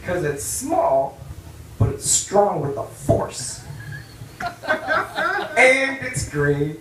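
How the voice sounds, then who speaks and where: A man's voice: sits high, wildly swooping pitch, drawn-out words, long pauses, background noise. Male stand-up comedian, brash, profane, distant mic, echoey bar room. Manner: brash, profane, loud punchlines. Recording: roomy club sound from a distance.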